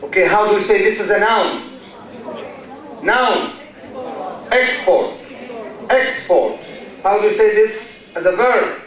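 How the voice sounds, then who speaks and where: A man's voice: sits high, unhurried, long pauses, fairly bright tone. A middle-aged man lecturing a class, repeating key words and quizzing students. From Egypt. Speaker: university lecturer. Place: lecture hall. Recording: echoey hall, distant mic.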